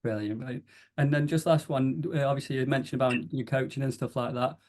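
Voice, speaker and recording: A man's voice: medium pitch, fairly even intonation, quick pace, darkish tone. A man hosting a podcast, asking questions and giving short, encouraging replies. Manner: brief, encouraging prompts. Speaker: podcast host. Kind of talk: interviewing.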